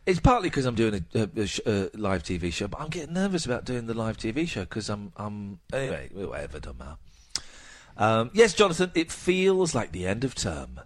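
A man hosting a radio show, chatting in a lively, self-mocking way into a close headset mic. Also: fairly low pitch, brisk. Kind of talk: casual radio chat.

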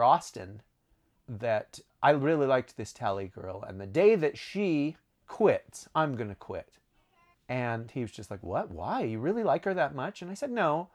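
A man's voice: mid-range voice, darkish tone. A man talking casually about his own writing, rambling, correcting himself and laughing at his stories. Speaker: author answering reader questions. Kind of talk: casual chat.

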